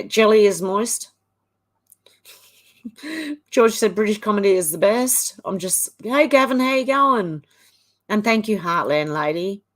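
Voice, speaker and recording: A middle-aged Australian woman hosting a live stream, chatting casually and reading viewer comments aloud in a quick running voice. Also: medium pitch.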